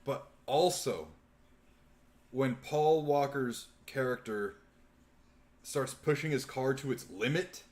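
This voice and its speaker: Young man, podcast host, casual live-stream chat, swears a lot, mid-pitched voice. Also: slow, long pauses. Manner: swears often, animated movie retelling.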